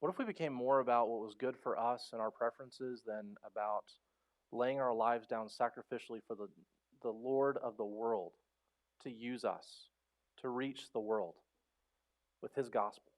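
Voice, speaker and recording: A man in his thirties delivers a sermon from the pulpit with a mid-range voice. He talks like he's telling friends a story, then climbs into loud, pleading prayers before dropping back to near-quiet reflection. The sound is a live church sermon picked up on a microphone. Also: medium pitch, moderate pace. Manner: passionate, swings from loud pleading to soft. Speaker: pastor. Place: church sanctuary.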